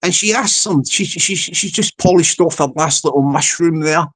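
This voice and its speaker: A man's voice: fairly high pitch, normal speed, fairly bright tone. A man vlogging comic commentary, rambling along with many stammered restarts.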